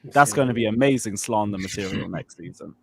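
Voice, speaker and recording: A man's voice: on the low side, brisk, gravelly, a crowd in the background. A man in casual fan chat on a panel, laid-back and teasing.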